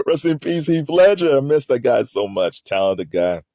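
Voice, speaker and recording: A man gives loose, rambling commentary on a trial. His pitch jumps around a lot and he laughs often between thoughts. The sound is close and dry, with no room around it. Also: sing-song, normal speed, warm tone, dry recording. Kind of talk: casual commentary.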